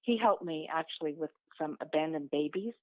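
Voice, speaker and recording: A woman's voice: sits low, a little fast, no echo. Woman telling her story over a tinny line. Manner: lively, swears freely, acts out what others said. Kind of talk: candid conversational storytelling. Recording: tinny phone-like sound, dry.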